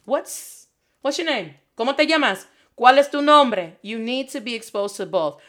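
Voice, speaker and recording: Animated woman teaching Spanish phrases. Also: a little high, normal speed, faint music behind. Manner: animated, switches between English and Spanish, repeats phrases for drill. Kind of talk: energetic video lesson. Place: Detroit.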